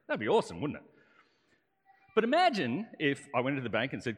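A man's voice: medium pitch, very animated, fairly quick. A man preaching a sermon in a conversational way, often checking in with rhetorical questions. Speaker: pastor. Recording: long hall reverb.

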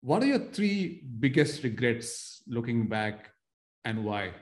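A man's voice: medium pitch, big pitch swings, slow. Man hosting a podcast in a roomy space. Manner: asks long multi-part questions with hesitant restarts. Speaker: podcast host. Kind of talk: interview podcast conversation.

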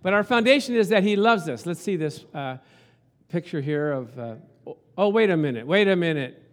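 A man's voice: fairly high pitch, lively intonation, moderate pace. A man in his sixties preaching a sermon in a conversational, folksy way with an Italian accent. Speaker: pastor.

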